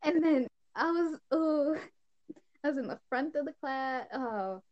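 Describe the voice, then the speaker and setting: A teenage girl with a slightly high voice tells a story in casual podcast chat. She giggles often and breaks into bursts of laughter. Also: animated, unhurried, a little mellow, lo-fi sound. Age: teens. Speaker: podcast co-host.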